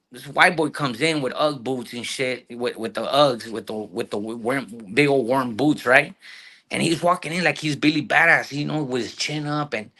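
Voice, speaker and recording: A man in his thirties with a South Los Angeles accent, a guest telling slangy, profane stories in a casual interview. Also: medium pitch. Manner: slangy, profane, animated storyteller who acts out quotes. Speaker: guest actor.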